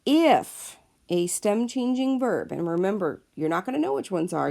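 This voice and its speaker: A woman's voice: mid-range voice, expressive, normal speed, gravelly, mellow. A woman teacher explaining a lesson patiently, step by step, in a recorded classroom video. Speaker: Spanish teacher.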